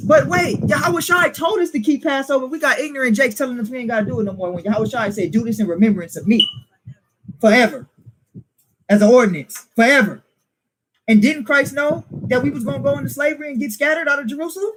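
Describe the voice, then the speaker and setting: High-voiced emphatic man preaching. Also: fast talker, hardly any pauses, noisy background. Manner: emphatic, rhetorical questions, teasing laughs. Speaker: teacher. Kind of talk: informal preaching to a small group.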